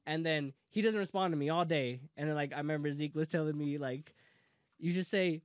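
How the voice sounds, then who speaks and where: A young man casually telling a heated story among friends, profane and animated, often laughing. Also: fairly high pitch, a little fast, no room sound, studio quality.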